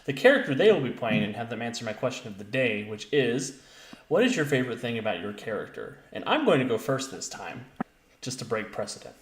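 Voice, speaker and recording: A man's voice: mid-range voice, very animated, fairly quick. Upbeat male game master for a tabletop stream, recorded with some room echo. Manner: enthusiastic, laughing often. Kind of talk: tabletop role-play stream intro. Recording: roomy echo.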